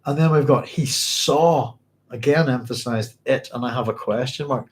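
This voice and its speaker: A man's voice: medium pitch, normal speed. A man hosting a live-streamed book club, reading passages aloud, then musing informally and answering viewers' comments.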